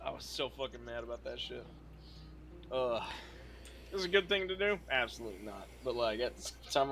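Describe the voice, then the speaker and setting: A man roleplaying in character, spinning a profane, animated story full of quoted dialogue. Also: medium pitch, fairly quick, slight background noise.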